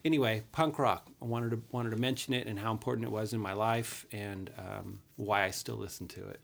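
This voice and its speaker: A man in his fifties with a low, gravelly voice that crackles with fry. He recounts a painful chapter of his youth in a frank, earnest way. He swears casually as he talks. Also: fairly even intonation, a little fast. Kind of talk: candid personal storytelling.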